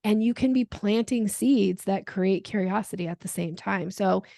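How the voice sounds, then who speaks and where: Animated and quick to laugh, this sales coach talks over her ideas as a podcast interview guest, often acting out snippets of quoted dialogue. Her voice is medium-pitched, gravelly, and fry-tinged, captured in a close, dry recording with no room sound.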